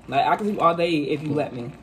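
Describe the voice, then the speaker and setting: A woman in her twenties telling a casual storytime, animated and profane, acting out quotes. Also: low-pitched, moderate pace, a little hiss or hum. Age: 20s. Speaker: vlogger.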